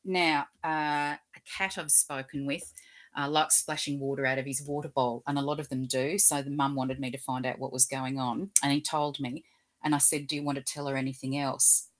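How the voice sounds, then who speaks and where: A woman, an animal communicator, telling gentle, earnest stories in an interview and acting out the quotes. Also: rumbling low, fairly even intonation, normal speed. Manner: gentle, earnest storyteller who acts out quotes. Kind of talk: storytelling interview chat.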